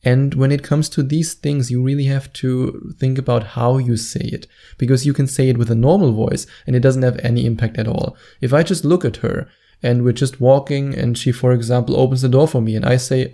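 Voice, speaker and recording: A dating coach delivers advice straight to camera in a confident, instructive monologue, stretching words out for emphasis. His mid-range voice has a dark tone and fairly even intonation, and he speaks a little fast.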